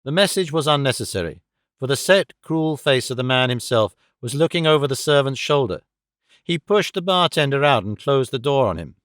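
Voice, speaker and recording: A man narrating a thriller audiobook in a measured storytelling voice. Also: medium pitch, lively intonation, a bit bright, dry recording, clean studio sound. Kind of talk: scripted narration.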